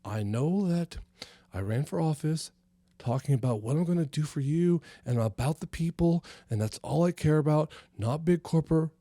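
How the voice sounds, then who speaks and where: A man's voice: on the high side, lively intonation, moderate pace, dark tone, no echo. A man doing a mock quote of a self-serving male politician quitting office, in a dry, close recording.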